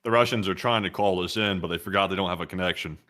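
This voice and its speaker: A man's voice: deep voice, fast, sharp tone. A man co-hosting a war news show, adding dry wisecracking asides in casual commentary. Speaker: co-host.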